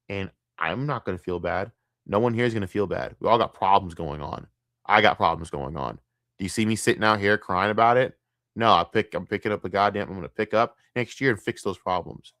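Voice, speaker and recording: Male streamer, low voice, dry close sound, profane blunt rant, repetitive. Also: a bit bright, no room sound. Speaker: streamer reacting to a video. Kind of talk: ranting commentary.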